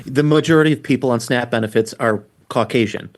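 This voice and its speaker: A man's voice: medium pitch, fast. A man from Buffalo, New York, a guest dog trainer telling stories in casual podcast chat, swearing freely. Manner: profane, storytelling.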